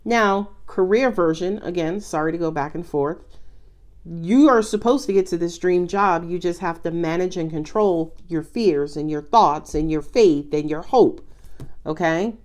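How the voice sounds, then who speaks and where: Female tarot reader, chatty and expressive, slightly low voice, casual delivery. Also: a little slow. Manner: chatty, expressive, exclaims often. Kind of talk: casual spoken tarot reading.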